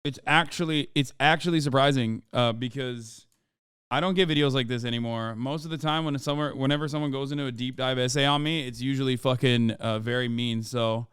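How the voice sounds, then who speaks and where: Rambling streamer man, smooth dry voice. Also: medium pitch, fairly even intonation, brisk, a bit bright, no room sound. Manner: rambling, many fillers and restarts, profane. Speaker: streamer reacting to a video. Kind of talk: casual live-stream reaction.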